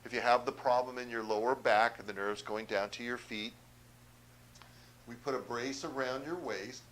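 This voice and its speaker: A man's voice: mid-range voice, fairly even intonation, normal speed, fairly bright tone, poor audio. A man speaking as a chiropractor, giving a direct, persuasive health talk and often asking the audience questions. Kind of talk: health seminar talk to viewers.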